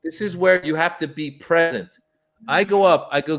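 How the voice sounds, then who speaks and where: A male stand-up comedian telling anecdotes in a relaxed interview, animated and slipping into voices for the people in his stories. His voice sits a little high. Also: moderate pace. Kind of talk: casual storytelling interview.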